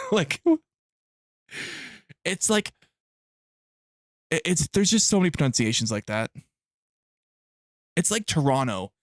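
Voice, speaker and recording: A man's voice: a little high, sing-song, takes it slowly, long pauses, dry recording, studio quality. Rambling, profane young man streaming. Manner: rambling, profane, laughs a lot. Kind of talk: casual live-stream chat.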